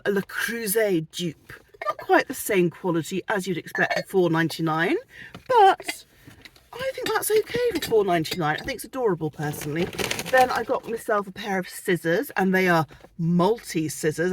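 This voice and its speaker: A chatty British woman runs through her shopping haul in a casual, self-mocking way, full of giggly asides. She talks from inside a parked car, with a faint hiss of noise under the voice. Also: medium pitch. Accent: British English. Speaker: vlogger.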